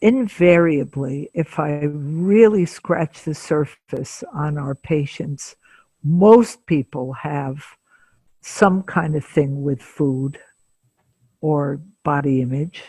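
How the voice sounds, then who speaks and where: A woman in her seventies, a psychotherapist, telling a case story slowly and deliberately in an interview, with frequent pauses. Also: low-pitched, dark tone, breathy edge, no echo. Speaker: psychotherapist guest.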